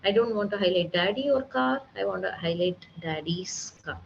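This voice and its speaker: A woman's voice: medium pitch, animated, normal speed, creaky. A woman speech therapist talks a seminar audience through her methods, explaining step by step and sounding out examples herself. The recording is slightly dull and muffled, with a faint hiss underneath her voice. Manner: patient, explanatory, demonstrates sounds aloud. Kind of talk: seminar lecture.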